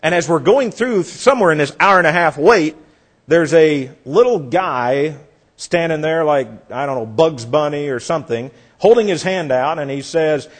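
A man preaching a sermon, telling a story earnestly and dropping soft for effect. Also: fairly high pitch, expressive, moderate pace.

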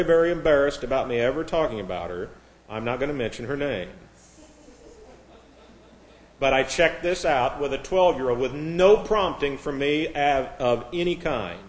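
A man's voice: mid-range voice, darkish tone. A man teaching a Bible class, lecturing with frequent restarts and spelling out words letter by letter. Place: church classroom. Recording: echoey room.

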